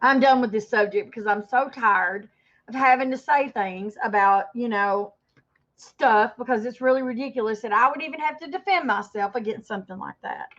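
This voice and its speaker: A woman's voice: a little high, moderate pace, fairly bright tone. A woman in her fifties ranting defensively and rambling on a casual livestream, turning aside to greet viewers in the chat. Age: 50s. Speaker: livestream host. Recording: dull lo-fi stream audio.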